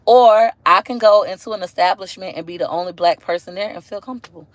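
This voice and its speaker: A woman's voice: quick pace, dry recording. Chatty woman with an African American accent. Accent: African American English. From Tampa, Florida. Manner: animated and chatty, drops into high mocking voices when quoting others. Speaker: livestream host. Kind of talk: casual livestream chat.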